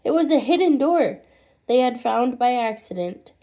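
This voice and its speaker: A woman reading a children's storybook aloud in an expressive way, with small restarts. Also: on the high side, normal speed. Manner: expressive, with restarts and muttered asides.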